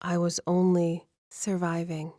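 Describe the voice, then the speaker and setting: A woman narrates a first-person romance audiobook in an even, measured storytelling style. Her voice is lowish, and she is recorded close to the mic in a dry setting.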